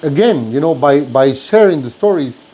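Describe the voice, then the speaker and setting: A man's voice: on the high side, normal speed. Mexican-accented man telling stories animatedly. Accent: Mexican Spanish. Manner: animated, acts out quoted voices. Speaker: chef and podcast co-host. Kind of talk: casual storytelling chat.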